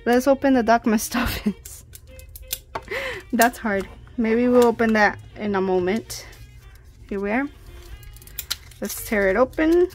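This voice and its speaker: A woman's voice: on the high side, animated, slow pace, pauses often, darkish tone, faint music behind. A woman hosting a toy unboxing video, chatty and giggly, exclaiming over tiny toys. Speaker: toy review host. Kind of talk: casual unboxing chat.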